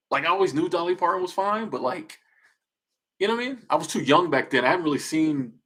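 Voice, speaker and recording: Husky man joking with viewers. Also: on the high side, sharp tone. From Southern United States. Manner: joking, rambling, trails off and restarts. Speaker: streamer. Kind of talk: casual livestream chat reacting to viewer comments.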